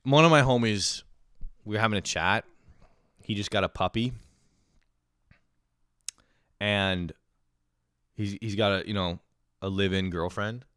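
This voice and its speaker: Speaking right into a close mic in a dry room with no echo, a man with a very deep, smooth voice launches into a profane, sarcastic rant. He sounds like a podcast host griping to his listeners, loose and casual, a little slow, with frequent pauses and a fairly bright tone.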